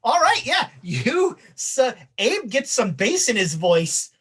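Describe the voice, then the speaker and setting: A woman's voice: on the high side, big pitch swings, slow, a bit bright. A woman running a tabletop game as game master, narrating casually with lots of fillers and restarts.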